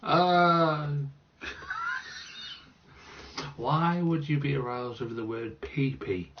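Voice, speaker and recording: Joky gamer guy, slow and gravelly, far from a muffled mic with faint hiss. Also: a little high. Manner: jokey, trying out silly accents. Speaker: game streamer. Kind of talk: joking let's-play commentary. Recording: distant dull mic, faint noise.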